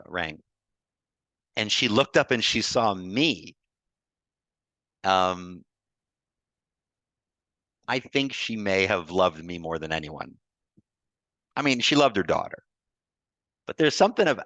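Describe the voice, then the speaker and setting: Speaking over a video call as a guest on grief, a man with a very low voice shares a personal story in a group talk. Close to tears, he halts and restarts repeatedly, his delivery emotional, pushed, and bright. The sound is dry and close with no room around it.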